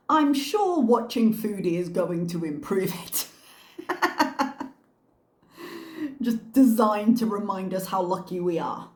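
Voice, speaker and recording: A woman's voice: medium pitch, darkish tone. A woman hosting a reaction channel, giving casual commentary with wry, sarcastic asides. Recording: echoey room.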